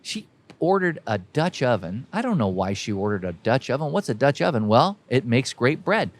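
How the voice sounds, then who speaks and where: A man's voice: medium pitch, very animated, normal speed. A man hosting a podcast, delivering a folksy, emphatic motivational monologue that exhorts listeners directly. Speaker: podcast host.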